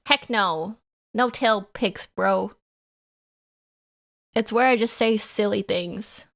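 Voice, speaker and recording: A woman's voice: mid-range voice, slow, creaky, a bit bright. A woman livestreamer chatting casually with her chat in a playful, giggly way.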